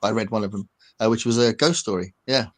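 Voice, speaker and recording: A British man hosts a relaxed livestream chat. He talks in a rambling way and keeps adding little tag questions. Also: fairly low pitch, a little fast. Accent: British English. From Britain. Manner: chatty, rambling, often trails off with tag questions. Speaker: livestream host. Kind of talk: casual chat.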